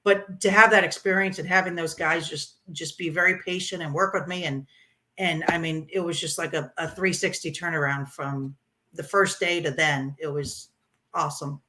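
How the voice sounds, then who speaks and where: A woman from Florida telling her motorcycle trip story in an interview, animated and laughing, with many ums and restarts. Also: sits low, moderate pace.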